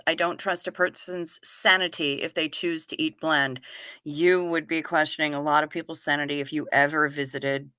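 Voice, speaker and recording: A woman's voice: low-pitched, sharp tone, no room sound, clean studio sound. A woman hosting a live stream, chatting casually as she reads viewer comments aloud, wry and given to swearing and giggling.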